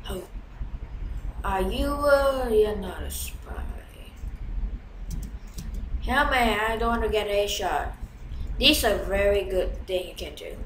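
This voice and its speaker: A woman giving live commentary over her own gameplay, chatty and excitable, swinging from low mutters to sudden shouts. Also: echoey room, slight background noise, rough recording. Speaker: gamer.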